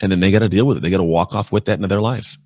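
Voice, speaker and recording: Fast-talking deep-voiced man guest. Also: no echo, studio quality. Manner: energetic, acts out quoted exchanges. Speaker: podcast guest. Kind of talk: casual interview talk.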